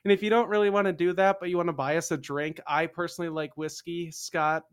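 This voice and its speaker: A man's voice: a little high, steady tone, fast, clean tone. A man co-hosting a casual history podcast, chatty and jokey, often trailing off and restarting. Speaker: podcast co-host.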